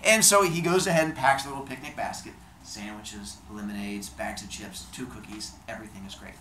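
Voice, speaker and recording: A man's voice: on the low side, brisk, sharp tone, slight background noise. A man telling Greek myths in a playful, chatty comedic style, recorded in an echoey room. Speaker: storyteller. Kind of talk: casual comedic storytelling of myths.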